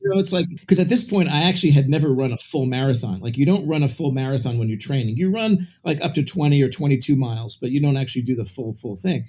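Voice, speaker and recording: A man's voice: mid-range voice, quick pace, hardly any pauses, a little mellow. A man from Brooklyn, a guest in an interview, telling a personal story in a candid, rambling way with many restarts and asides. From Brooklyn, New York.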